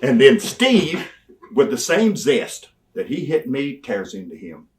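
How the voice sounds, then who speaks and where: A man's voice: medium pitch, measured pace, recorded from a distance, a little hiss or hum. An older man, telling wrestling stories in an interview and acting out old exchanges with gusto. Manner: animated storyteller who acts out quotes loudly. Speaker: interview guest. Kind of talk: storytelling interview.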